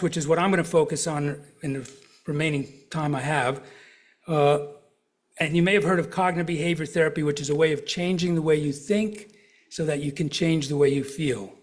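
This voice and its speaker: A middle-aged man, a counselor, giving a conversational health talk to a live audience, asking questions and walking through examples. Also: fairly high pitch. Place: lecture room before a live audience.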